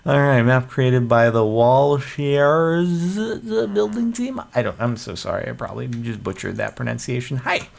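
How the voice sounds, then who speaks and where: A man's voice: mid-range voice, normal speed, creaky, few pauses. Man, gaming host, casual self-mocking commentary. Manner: jokey, self-mocking, chatty.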